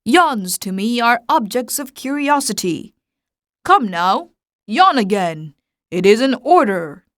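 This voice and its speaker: A woman's voice: fairly high pitch, big pitch swings, slow pace, dry recording, studio quality. A woman playing a pompous old king. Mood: commanding. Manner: commanding, stately, a little flustered. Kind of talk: audiobook character reading.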